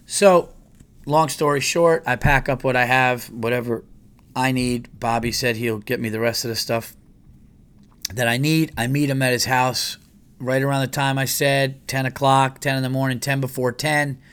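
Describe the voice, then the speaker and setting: A man telling a long story in casual podcast chat, profane and animated, jumping into exasperated quoted asides. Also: medium pitch, normal speed, clean tone. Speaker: podcast host.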